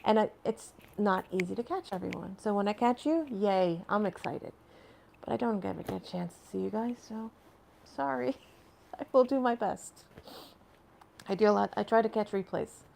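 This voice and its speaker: Woman, live stream host, casual chat from home, rambling, answers viewer comments, laughs often, gravelly voice. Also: medium pitch, moderate pace, a little mellow, a little hiss or hum. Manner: laughs often between phrases.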